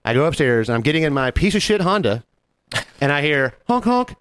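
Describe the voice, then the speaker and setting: He co-hosts a podcast and, in a loose conversation, relays a work story with plenty of swearing and lively impressions of the others involved. His medium-pitched voice is clean and a little fast, with no room sound.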